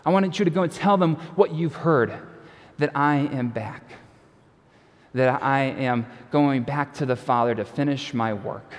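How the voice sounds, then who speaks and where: A man voicing Jesus as a calm teacher giving instructions, retold in a plain, earnest way. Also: mid-range voice, a little slow, lightly acted. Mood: gentle, earnest. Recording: long reverb of a large hall.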